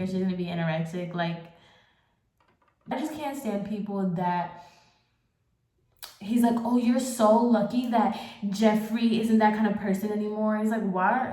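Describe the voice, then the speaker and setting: A woman's voice: mid-range voice, a little mellow. A young woman vlogger ranting in casual commentary, exasperated and sarcastic. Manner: exasperated, sarcastic, fast asides. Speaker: beauty vlogger. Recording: echoey room.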